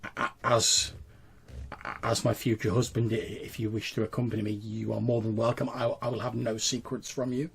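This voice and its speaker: A man's voice: medium pitch, level tone, moderate pace, vocal fry, breathy edge. A man voicing a flustered young noblewoman who stammers and trips over her words. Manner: stammering, breathless.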